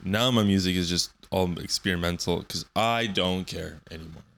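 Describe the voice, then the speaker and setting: A man's voice: sits low, normal speed, creaky, a bit bright. A man in his twenties hosting a solo podcast, rambling loosely and swearing often. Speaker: podcast host.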